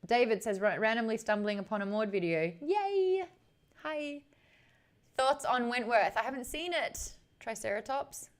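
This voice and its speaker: A woman's voice: on the high side, animated. Bubbly young Australian woman streamer. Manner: chatty, bubbly, quick to laugh. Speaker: live streamer. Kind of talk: casual live-stream chat, reading viewer comments aloud.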